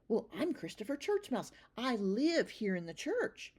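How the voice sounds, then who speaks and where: A woman's voice: sing-song, unhurried, darkish tone, slightly rough, full character voice. Woman doing an eager little boy mouse. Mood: surprised. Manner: high, bouncy, exclaiming. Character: eager young boy mouse, friendly and excitable. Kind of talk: children's storybook reading.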